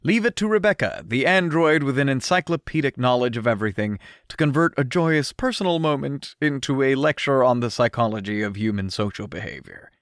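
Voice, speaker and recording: A man narrating an audiobook in an expressive first-person storytelling manner, recorded on a close studio mic. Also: medium pitch, a little fast, hardly any pauses, no room sound.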